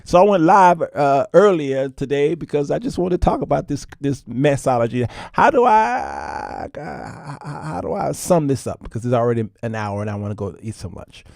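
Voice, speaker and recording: A man's voice: mid-range voice, a little fast, gravelly, few pauses, darkish tone, no room sound, clean studio sound. A man hosting a casual livestream, talking folksy to his viewers and laughing often. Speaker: show host.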